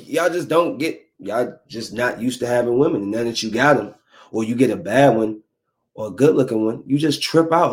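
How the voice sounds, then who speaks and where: A young adult man in a casual, preachy rant of dating advice, slangy and animated, slipping into quick mock voices. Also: mid-range voice. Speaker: vlogger giving dating advice.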